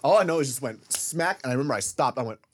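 A man's voice: medium pitch, lively intonation, fast talker, no room sound, clean studio sound. A man swapping crude stories in casual chat as a podcast co-host, swearing freely and laughing often. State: wearing knee braces.

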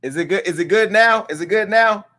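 A man's voice: high-pitched, brisk, bright, forceful tone. A middle-aged man hosting a casual commentary show, talking candidly and emotionally straight to his viewers. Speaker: host.

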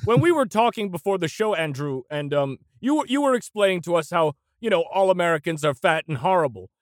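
A jolly old Santa with a high, lively voice that swoops up and down, as a man puts him on. He teases the guest in playful podcast banter. The sound is dry and close. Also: a little fast, no room sound. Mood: teasing. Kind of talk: improvised podcast comedy banter.

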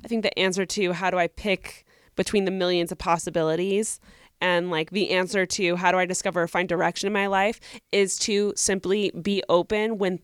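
A woman's voice: lowish voice, steady tone, fairly quick, smooth, no echo, clean studio sound. A young woman co-hosting a podcast, giving earnest, encouraging advice to a listener in casual chat. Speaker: podcast co-host.

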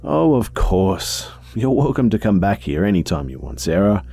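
A man voicing a kindly, hospitable old woman in a narrated horror story, speaking softly and reassuringly. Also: on the low side, very animated, normal speed, gravelly, husky, pitched above the performer's own voice, full character voice.

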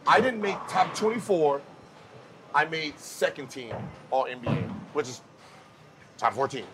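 A man's voice: on the high side, unhurried, noisy background. A man hosting a casual podcast chat, telling stories with energy and acting out the voices of the people he quotes. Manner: animated storyteller who acts out quoted voices. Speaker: podcast host.

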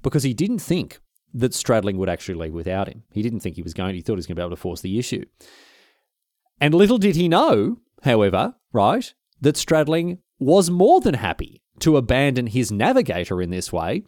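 A man, hosting a podcast and narrating a history story in a casual, slangy, animated way. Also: mid-range voice, brisk, dry recording, clean studio sound. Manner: animated, slangy, acts out the quotes. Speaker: podcast host.

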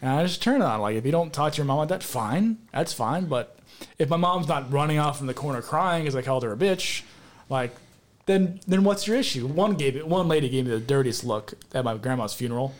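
A man with a fairly high voice tells loose, brash stories on a podcast and swears freely. He slips into higher put-on voices to mimic people, then drops back into plain chat. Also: animated, a little fast. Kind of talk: casual chat.

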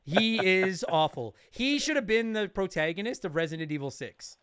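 High-voiced man ranting, swearing a lot. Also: normal speed, clear, resonant tone, no room sound, clean studio sound. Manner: profane, animated ranting. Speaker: podcast co-host. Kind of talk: casual chat.

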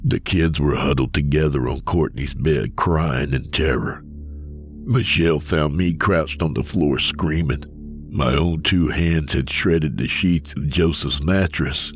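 A man giving a steady, measured first-person reading of a scripted horror story. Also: extremely low pitch, soft background music. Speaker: narrator.

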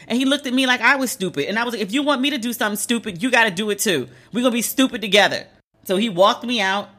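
A woman tells a story in a casual, animated way. She swings between disbelief and exasperation. Her voice is bright and sharp. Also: medium pitch. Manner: animated, exasperated retelling with quoted dialogue.

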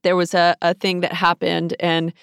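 A woman's voice: on the low side, monotone, moderate pace, creaky, clear, resonant tone, dry recording, studio quality. A woman co-hosting an advice chat, talking earnestly and coaching through feelings. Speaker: co-host giving advice.

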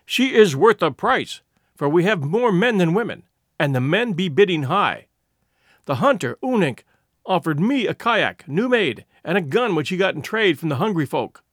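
Petulant elder, slow and complaining; male reader, dry close sound. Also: sits high, big pitch swings, fairly bright tone, dry recording, full character voice. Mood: aggrieved. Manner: complaining, slow emphatic delivery. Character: aggrieved older male village elder, petulant.

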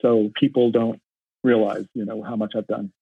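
A man's voice: fairly low pitch, level tone, normal speed, vocal fry, breathy edge, no echo. A concert photographer telling stories in an interview, eager and talkative, often restarting his words. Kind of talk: storytelling in an interview. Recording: dry, narrow phone-like line.

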